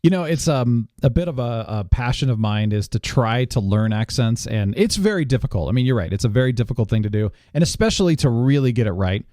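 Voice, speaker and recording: A man hosts a casual podcast interview with an upbeat, enthusiastic manner and frequent laughter. His voice sits at an ordinary pitch. The recording is close and dry. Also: lively intonation, fast talker, few pauses, warm tone, no echo. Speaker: podcast host.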